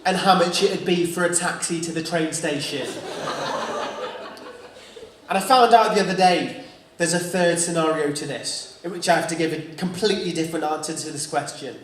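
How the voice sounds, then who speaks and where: A man from England tells a wry stand-up story in a slightly higher voice. The sound is echoey and distant, with faint noise behind him. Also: moderate pace. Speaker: stand-up comedian. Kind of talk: stand-up comedy. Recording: echoey stage heard from afar.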